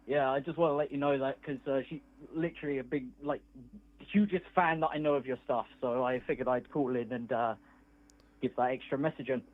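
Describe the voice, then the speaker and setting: A man's voice: medium pitch, steady tone, fairly quick. A man calling in to a live stream in a friendly, chatty way, tired after staying up all night. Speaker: caller. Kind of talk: call-in chat. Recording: phone-line call.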